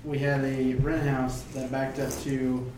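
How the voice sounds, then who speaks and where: A man telling a relaxed anecdote in casual chat among tabletop game players. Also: medium pitch, unhurried, distant mic. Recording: echoey room, off-mic, faint noise.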